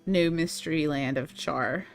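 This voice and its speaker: A woman's voice: deep voice, a little slow, soft background music. A woman playing in a tabletop game, speaking directly and asking pointed questions. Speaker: player. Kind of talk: casual tabletop play.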